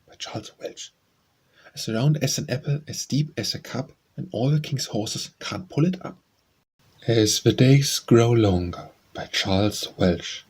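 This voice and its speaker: A man reading nursery rhymes aloud as an audiobook narrator, announcing each title and author before a measured sing-song recitation. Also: lowish voice, darkish tone, breathy edge.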